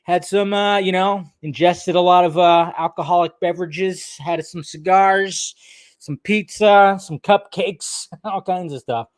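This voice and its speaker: A man's voice: high-pitched, steady tone, measured pace, dry recording. A man hosting a casual live stream, loosely chatting, swearing and greeting viewers by name.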